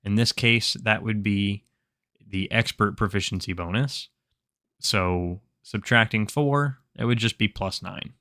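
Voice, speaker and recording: A man's voice: fairly low pitch, unhurried, pushed and bright, dry recording, studio quality. A man explaining a tabletop game character build step by step, in a methodical tutorial manner. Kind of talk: screen-recorded game tutorial.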